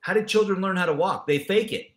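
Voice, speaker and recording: A middle-aged man guest in a motivational interview who tells lively stories and acts out the people in them with changing voices. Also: sits high, quick pace, reverberant. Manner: lively storyteller acting out dialogue with voice changes. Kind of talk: animated motivational interview talk.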